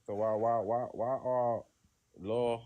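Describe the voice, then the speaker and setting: A man's voice: mid-range voice, little pitch movement, takes it slowly, narrow, tinny audio. A man, bantering in a casual, provocative and flirty way on a livestream. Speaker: guest caller in a livestream debate.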